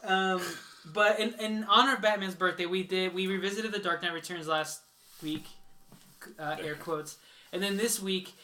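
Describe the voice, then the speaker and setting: A man hosts a podcast in a loose, joking way. His voice is high and bright. A faint noise sits under the recording. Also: normal speed. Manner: relaxed, rambling, joking. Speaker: podcast host. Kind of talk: casual chat.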